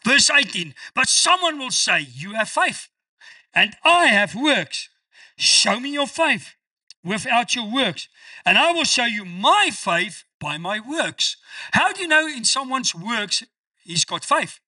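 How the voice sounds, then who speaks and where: High, lively-voiced preaching pastor. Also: male voice, no echo, far from the mic. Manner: emphatic preaching, quotes scripture with slow stressed delivery. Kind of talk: sermon.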